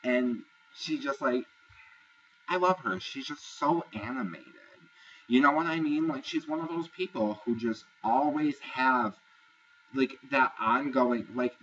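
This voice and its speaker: A man's voice: medium pitch, measured pace, bright, forceful tone, slightly rough, recorded from a distance, highs cut off. A man casually recapping a reality show episode, chatty, gossipy and profane. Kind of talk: casual review vlog.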